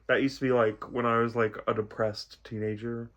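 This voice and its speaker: A young man hosting a music reaction video, talking in a soft, reflective way and rambling with many fillers. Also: mid-range voice, level tone, moderate pace. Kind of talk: casual reaction commentary.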